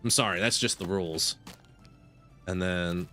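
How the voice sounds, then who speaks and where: A man's voice: low voice, unhurried, pushed and bright, soft background music. A man giving casual gameplay commentary with a playful, mock-grumpy manner. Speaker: gaming video creator.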